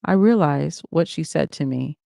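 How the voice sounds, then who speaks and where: Mellow livestream reader narrating a memoir. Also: medium pitch, expressive, normal speed, creaky, no room sound, studio quality. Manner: first-person narration with asides to listeners. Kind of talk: reading a memoir aloud.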